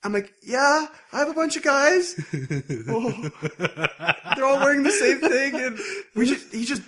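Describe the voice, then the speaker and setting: Bright, animated young man telling a story. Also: very high voice, a little slow. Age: 20s. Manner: animated storytelling, frequent laughter. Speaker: podcast co-host. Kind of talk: casual chat.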